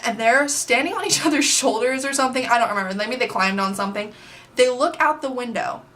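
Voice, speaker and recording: A young adult woman telling a story on her vlog, chatty and animated, with plenty of filler words. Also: a little high, brisk. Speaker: vlogger. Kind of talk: casual storytime.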